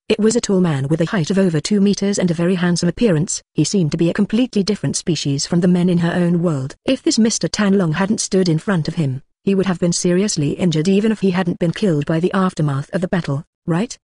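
A text-to-speech audiobook narrator reading a web novel in a flat, even way, sometimes speaking punctuation marks out loud. The pitch sits in a middle range. The sound is dry and close, with no room echo.

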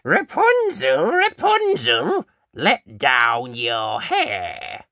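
A storyteller voicing a cackling, spiteful old witch who snarls drawn-out threats in a storybook reading. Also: medium pitch, huge pitch swings, pushed and bright, dry recording, studio quality, full character voice. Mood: calling up.

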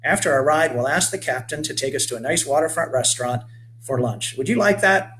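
A man's voice: a little high, animated, a little fast, a bit bright, a little hiss or hum, poor audio. A man voicing a doting, chatty aunt in a children's storybook reading. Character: fussing middle-aged aunt from the North.

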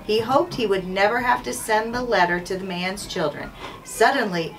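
A woman school principal reading a children's chapter book aloud in a clear, measured way. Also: medium pitch. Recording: distant mic, faint background noise.

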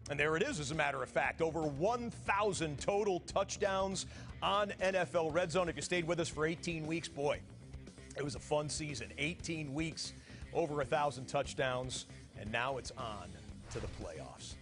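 Male sports studio host, emphatic announcer delivery, slightly high voice, live broadcast sign-off. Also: moderate pace, over music.

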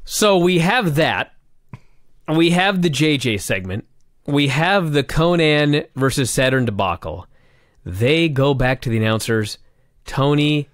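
A man co-hosting a casual chat, animated and swearing, laughing often as he recaps events. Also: mid-range voice, slow pace, pauses often, no echo, clean studio sound. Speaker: podcast co-host.

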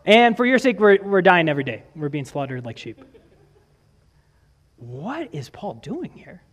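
A man's voice: high-pitched, big pitch swings, a little slow, a bit bright, in a large hall. A male pastor delivering a sermon in a church, asking his listeners questions and reading scripture aloud. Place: church sanctuary.

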